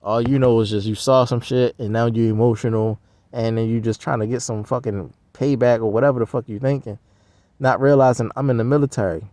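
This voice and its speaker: A man's voice: medium pitch, steady tone, fairly quick, dark tone, no room sound. A man rambling in a profane, slangy casual monologue. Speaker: vlogger.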